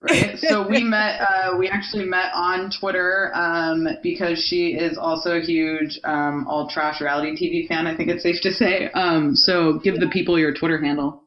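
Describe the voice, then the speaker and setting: A woman's voice: lowish voice, fairly even intonation, normal speed, few pauses. A woman in her thirties hosting a podcast in casual chat, upbeat and steering the conversation. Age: 30s. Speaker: podcast host. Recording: echoey, muffled home recording.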